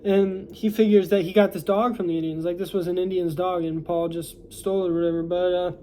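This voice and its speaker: A man's voice: high-pitched, flat delivery, a little fast, dark tone, a little hiss or hum. A young American man recapping a movie plot in a casual, rambling way, full of fillers and restarts. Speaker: movie reviewer.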